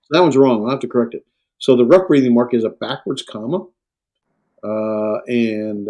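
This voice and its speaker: A man lecturing on Greek to a class, halting and full of fillers and self-corrections. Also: mid-range voice, dark tone. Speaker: Greek instructor.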